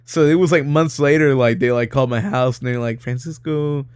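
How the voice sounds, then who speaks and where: A man's voice: mid-range voice, brisk, a little mellow, smooth, no echo. A young man, chatting casually on a podcast, rambling through a story with lots of laughs and swearing. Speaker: podcast co-host. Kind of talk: casual chat.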